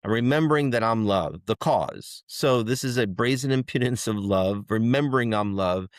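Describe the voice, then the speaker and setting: A man's voice: lowish voice, expressive, moderate pace, no echo, studio quality. A man co-hosting a spiritual podcast, teaching in a repetitive, mantra-like way. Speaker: podcast co-host.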